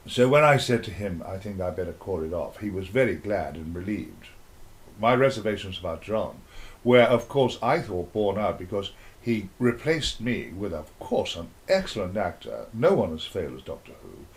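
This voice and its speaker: A man's voice: on the low side, sing-song, moderate pace. An older man being interviewed, telling rambling, playful stories with sudden dramatic outbursts. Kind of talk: casual interview chat.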